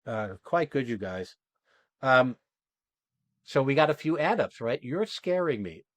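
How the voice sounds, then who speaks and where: A man coaching actors after an exercise, talking casually and acting out quoted lines in animated bursts, often asking "right?" and swearing now and then. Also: medium pitch, measured pace, no echo. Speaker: acting coach and podcast host.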